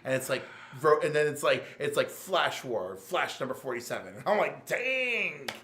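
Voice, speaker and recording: A man co-hosting a casual comics podcast, retelling scenes with excited storytelling and quick jumps into character voices. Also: medium pitch, a little hiss or hum. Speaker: podcast co-host reviewing comics. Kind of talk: animated casual chat, acting out scenes. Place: game store.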